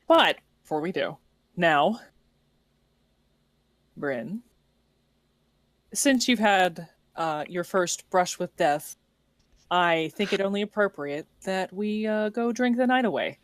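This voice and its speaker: A woman's voice: fairly low pitch, expressive, slow pace, pauses often, dry recording. A woman running a tabletop game, switching between narration and a teasing in-character voice. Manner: teasing, laughing often. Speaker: game master.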